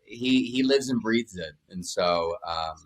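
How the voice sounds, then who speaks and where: Slow-talking actor guy, kinda low voice, lots of um and you know. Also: lively intonation. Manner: halting, searching for words. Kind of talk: casual interview talk.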